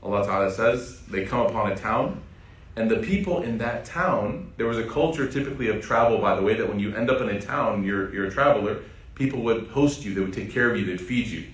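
A preacher giving a casual, lively storytelling sermon, talking straight to his listeners. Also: lowish voice, fairly quick. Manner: casual, animated retelling that addresses the audience directly. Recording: roomy sound from a distant mic.

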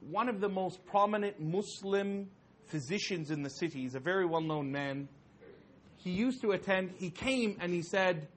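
Animated man telling a story, slightly high voice. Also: normal speed, slight background noise. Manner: animated, laughing often, heavy use of "you know". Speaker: storyteller speaking to an audience. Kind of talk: lively storytelling talk.

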